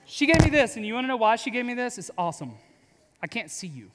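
A man in his thirties gives a youth sermon, telling jokes at his own expense and talking straight to the students. His voice sits very high. The reverb of a large hall trails after every line. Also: big pitch swings, quick pace, fairly bright tone. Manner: casual, joking storyteller addressing students. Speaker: youth pastor. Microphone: clip-on mic.

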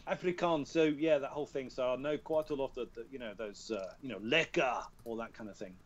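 A man's voice: mid-range voice, brisk, highs cut off. Chatty British man on a video call. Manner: chatty, talks through what he is doing, laughs at himself. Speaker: guest voice actor. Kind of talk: casual podcast chat over a video call. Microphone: tablet on a video call.

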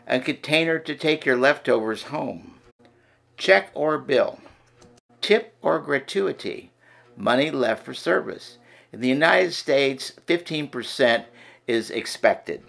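Male ESL narrator, slow, a bit gravelly, plain teaching read. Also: medium pitch, a bit bright. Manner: slow, listing terms one by one.

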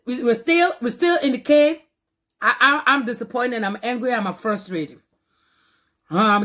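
Excitable woman vlogger, slightly high voice. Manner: excitable, emphatic, repeats phrases. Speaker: mukbang reaction vlogger. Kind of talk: casual chat, food and TV reaction.

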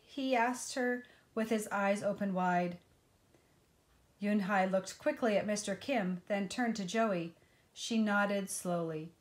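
Slow, gentle woman reading a storybook. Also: mid-range voice. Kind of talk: reading a picture book aloud.

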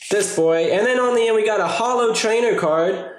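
A man's voice: high-pitched, brisk. A young man giving casual, joking commentary while opening card packs, swearing often. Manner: excitable, swears a lot, jokey asides. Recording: echoey room with faint noise.

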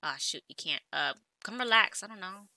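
A woman's voice: medium pitch, lively intonation, moderate pace, gravelly, bright, forceful tone, dry recording. A woman giving casual gameplay commentary, chatty and easily exasperated, talking back to the characters on screen. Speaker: let's play gamer.

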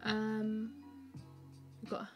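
Extremely slow and completely flat in delivery, a medium-pitched woman draws on a live stream, chatting casually, laughing often, rambling with many fillers and reading viewer comments aloud to respond. Faint music plays behind her.

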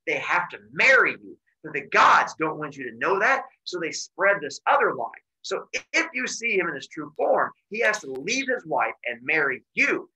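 A man's voice: fairly high pitch, sharp tone, slight background noise, exaggerated voice, low-quality recording. A man voicing a scheming goddess disguised as a gossipy old woman, in a comic myth retelling. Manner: gossipy, conspiratorial.

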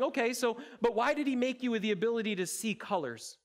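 Guy preaching to his church, pretty high voice, jokey and chatty with the crowd. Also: very fast, few pauses. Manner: playful, interactive, addresses congregation directly. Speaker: campus pastor. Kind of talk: sermon. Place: church auditorium.

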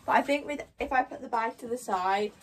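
A fairly high-voiced woman co-hosts a relaxed vlog, chatting quickly and offhandedly about clothes. Her voice sits at a distance from the microphone. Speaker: vlogger co-host. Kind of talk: casual chat.

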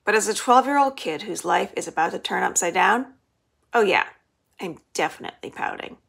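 A woman's voice: medium pitch, brisk, vocal fry, slightly rough. A woman librarian reading the first chapter of a children's novel aloud, telling it expressively. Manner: expressive storytelling.

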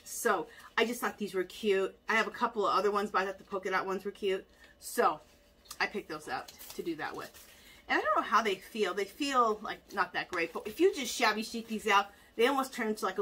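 A woman's voice: mid-range voice, pushed and bright, husky. A woman hosting a casual haul video at home, chatty and enthusiastic, gushing over cute craft finds.

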